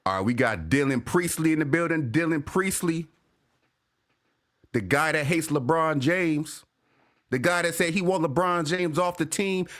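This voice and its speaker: A man hosting a casual sports fan livestream, talking in loose, profane slang and shouting out viewers. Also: fairly high pitch, moderate pace. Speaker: sports fan show host.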